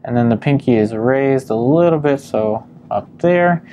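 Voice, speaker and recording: A man calmly talking through a painting demonstration step by step, often pausing with ums as he works. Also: mid-range voice, slight background noise. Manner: calm step-by-step explaining with frequent ums. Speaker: painting instructor.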